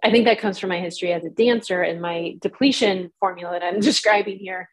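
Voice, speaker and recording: A woman co-hosting a podcast, telling a rambling, animated story in casual chat. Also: on the low side, quick pace, breathy edge, low-quality recording. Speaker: podcast co-host.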